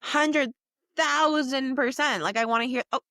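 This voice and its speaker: A woman's voice: high-pitched, a little slow, a bit bright, no room sound, studio quality. A woman co-hosting a podcast in casual chat, blunt and profane with sarcastic asides. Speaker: podcast co-host.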